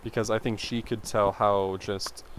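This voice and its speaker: Man, twenties, vlogger, low-ish voice, rambling storytelling, chatty, lots of filler words, faint background hum. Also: level tone, a little slow. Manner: chatty, self-interrupting, full of "like".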